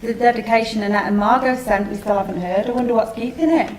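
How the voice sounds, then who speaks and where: A woman's voice: a little high, fast talker, roomy sound, slight background noise, lightly acted, poor audio. A woman playing a frail, needling elderly mother who talks in a plaintive, wheedling way, in a theatre studio.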